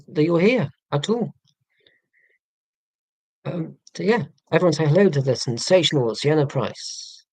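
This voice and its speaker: A man's voice: mid-range voice, a little mellow, slightly rough, no echo. An English man hosting a casual live stream, rambling and self-mocking, with many ums. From England.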